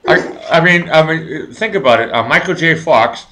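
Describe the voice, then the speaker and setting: A man's voice: a little high, lively intonation, moderate pace, sharp tone, a little hiss or hum. A man hosting a casual live chat show, rambling and stammering through crude jokes.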